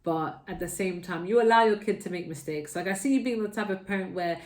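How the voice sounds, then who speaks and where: Woman tarot reader from the UK, low-pitched, chatty, recorded in a roomy space. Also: a little fast, darkish tone. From United Kingdom. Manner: chatty, repeats "okay?" often. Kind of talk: casual tarot reading.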